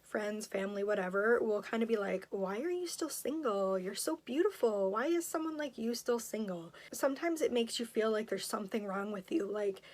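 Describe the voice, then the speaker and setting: A woman in her thirties in a confessional vlog, choked up and near tears, talking in halting bursts with pauses and apologies. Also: mid-range voice, expressive, a little mellow.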